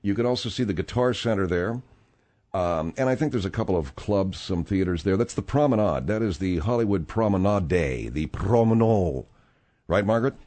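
A middle-aged man hosting a talk-radio show, rambling in a casual, animated way with plenty of fillers. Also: on the low side, fairly quick.

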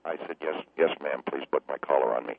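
A man voicing a timid, groveling man who pleads meekly in a low mumble, on a comedy radio show. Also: animated, fairly quick, phone-quality sound, slight background noise. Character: meek, groveling submissive man, cowed. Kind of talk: comedic radio character acting.

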